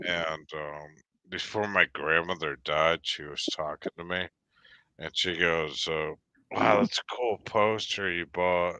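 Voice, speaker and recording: A man with a low voice tells a meandering story at an unhurried pace, stopping often for ums and restarts. His voice sounds bright and clear. The recording is dry and close. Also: no echo. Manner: rambling storyteller with many fillers and restarts. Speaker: live stream panelist. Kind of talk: casual chat.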